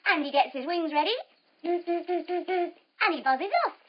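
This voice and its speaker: A young woman telling a children's yoga story as she guides the poses, animated, encouraging and playful. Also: very high-pitched, takes it slowly, lo-fi sound. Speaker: kids yoga instructor and storyteller.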